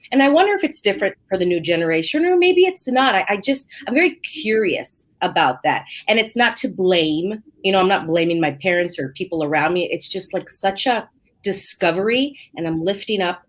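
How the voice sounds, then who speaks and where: Woman host, casual podcast chat, expressive, plays out quotes, mid-pitched. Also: fairly quick. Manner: open and expressive, acts out her own quotes.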